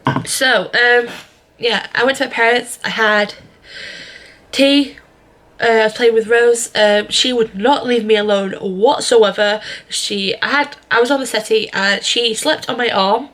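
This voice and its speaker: A young woman talks straight to the camera in a loose, chatty vlog. Her voice is bright and clear, and she rambles along with plenty of ums and self-corrections. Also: a little high, unhurried. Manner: rambling, chatty, many fillers and restarts. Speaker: vlogger. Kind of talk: casual vlog chat.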